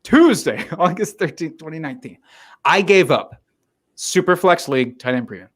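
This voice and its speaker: A man's voice: fairly high pitch, normal speed, husky. A man co-hosting a podcast in casual chat over drinks, joking and swearing. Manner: animated, joking and profane. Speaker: podcast co-host.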